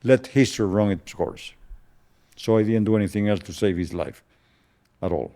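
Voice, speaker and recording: An older man whose first language is Spanish, recounting a past event in an interview as a slow, solemn storyteller who often stops and repeats words. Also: fairly low pitch, mellow.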